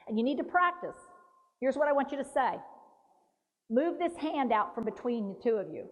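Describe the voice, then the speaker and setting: A woman's voice: fairly high pitch, dull audio. Woman coaching a workshop in a reverberant hall. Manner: coaching, direct, demonstrates phrases aloud. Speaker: dementia care trainer. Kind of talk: hands-on workshop instruction.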